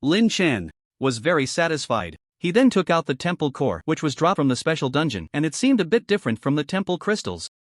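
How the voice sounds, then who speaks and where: A man's voice: a little high, sing-song, a little fast, hardly any pauses, no echo, clean studio sound. A man reading a recap story aloud as a narrator in scripted narration.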